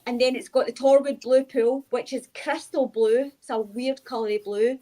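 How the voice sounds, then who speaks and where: A young woman with a Glaswegian Scottish accent, a guest in a casual chat who talks quickly and fills her speech with "like.". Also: on the high side, fairly even intonation, dark tone. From Scotland. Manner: chatty, with frequent "like" fillers and quick asides. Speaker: guest, urban explorer.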